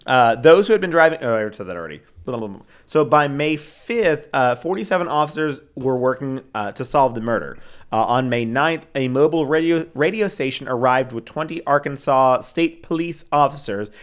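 A man's voice: mid-range voice, lively intonation, brisk. A man co-hosting a casual true-crime podcast, reading case details between rambling asides with lots of fillers. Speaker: podcast co-host.

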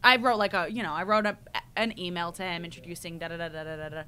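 A young woman, a university student, chatting casually on a podcast and telling a rambling, animated story full of "like"s. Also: on the low side, fast talker, clear, resonant tone. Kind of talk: casual chat.

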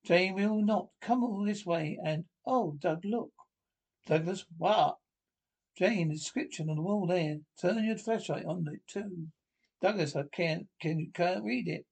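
A man's voice: sits high, gravelly, a little mellow, husky. A man reading a radio horror script aloud, voicing every part and the stage directions, with frequent slips and restarts. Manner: halting read-through with slips and restarts. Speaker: script reader.

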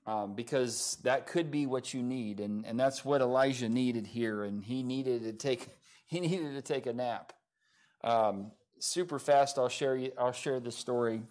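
A middle-aged man preaching a sermon, telling stories in a relaxed, conversational way with many fillers and small chuckles. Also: mid-range voice, a little slow. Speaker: pastor.

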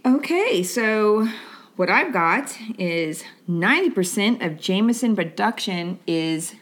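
A woman's voice: mid-range voice, expressive, takes it slowly. A middle-aged woman from Florida co-hosting a casual chat, rambling through fun facts and laughing often. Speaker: podcast co-host.

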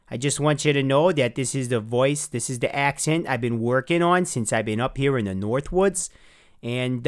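A man's voice: fairly high pitch, smooth, natural voice. Man putting on a chirpy Canadian accent. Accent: put-on Canadian. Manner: folksy, chirpy, swears casually. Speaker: podcast host. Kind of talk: podcast sign-off.

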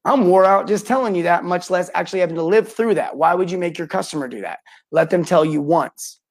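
A middle-aged man, a podcast host who coaches plumbers on sales, runs a live coaching talk with lots of energy. He greets viewers by name and acts out what customers say, speaking fairly quickly in a high voice.

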